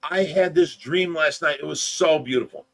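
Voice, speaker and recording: A man's voice: fairly high pitch, moderate pace, creaky, fairly bright tone. An older man hosting a livestream, chatting in a folksy, rambling way and telling stories with mock offense. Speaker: host of fish rescue livestream. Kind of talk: casual livestream chat.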